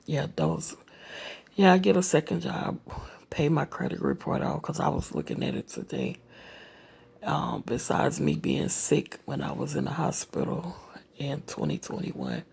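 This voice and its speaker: A woman in her late forties chats to her viewers in a slow, unhurried way. Her low voice is rough and very husky, with a heavy gravelly fry running through it. She rambles with lots of fillers and often drops into a half-whispered aside. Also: a little mellow. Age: 40s. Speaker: vlogger. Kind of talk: casual personal vlog.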